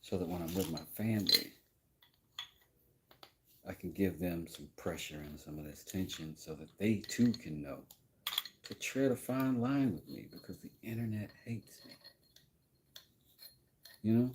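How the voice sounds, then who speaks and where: Slow-talking man muttering over his woodwork. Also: deep voice, noisy background. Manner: muttering to himself with joking asides. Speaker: vlog host. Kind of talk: casual running commentary while woodworking.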